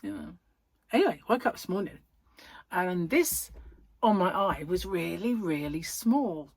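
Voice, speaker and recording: Middle-aged woman vlogger, tired, rambling and giggly, lowish voice, dry close sound. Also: expressive, measured pace, breathy edge, no echo. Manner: chatty, rambling, giggly storytelling. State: yawning, tired. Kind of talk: casual chat to camera.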